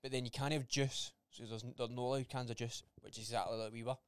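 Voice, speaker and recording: A young man talks quickly in a blunt podcast chat, swearing freely and acting out old conversations. His voice is smooth and clear. The sound is dry and close. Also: medium pitch, fairly even intonation, no echo. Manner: blunt, swears freely, acts out quoted dialogue. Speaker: podcast co-host. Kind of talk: casual chat.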